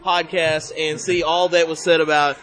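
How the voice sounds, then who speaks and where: A man's voice: a little high, little pitch movement, moderate pace, a bit bright. A man hosting a casual podcast interview at a convention, who hypes up his guest and plugs his show. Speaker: podcast host. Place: busy convention hall.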